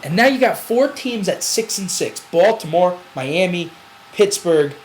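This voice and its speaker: A man's voice: high-pitched, animated, measured pace, a little hiss or hum, low-quality recording. A man co-hosting a casual sports show, rambling through predictions and laughing while he argues. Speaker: sports podcast co-host.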